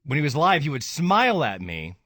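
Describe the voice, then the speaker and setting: Man, radio host, grieving, raw, animated pitch, dry studio sound. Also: fairly quick, no echo. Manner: raw, grieving, rises to anger. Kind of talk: emotional radio talk.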